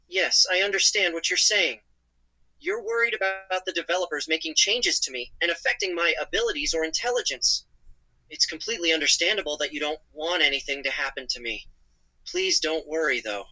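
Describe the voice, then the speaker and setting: A synthetic male voice as a gentle AI companion. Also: fairly high pitch, exaggerated voice, poor audio. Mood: reassuring. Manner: calm, apologetic, narrates own actions.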